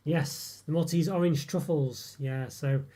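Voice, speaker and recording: A man's voice: a little high, steady tone, unhurried, warm tone, slight background noise. A man hosting a casual livestream, rambling with many fillers and chuckles as he answers viewer comments. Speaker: livestream host reviewing snacks. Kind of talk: casual live chat reading viewer comments.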